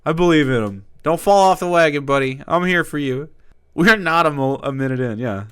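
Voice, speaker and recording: Man, streamer commentary, mocking, slightly high, crisp voice. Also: expressive, brisk, a bit bright, no echo, studio quality. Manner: sarcastic, mocking asides with laughs. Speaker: streamer reacting to a video. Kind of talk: casual commentary.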